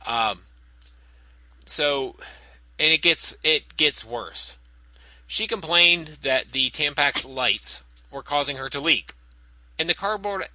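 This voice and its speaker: A man hosts a comedy podcast, telling stories through bursts of laughter. His voice is bright and a touch high. The recording is dry and close. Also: dry recording, low-quality recording. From American South. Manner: laughing, playful storytelling. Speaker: podcast host. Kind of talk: casual comedic chat.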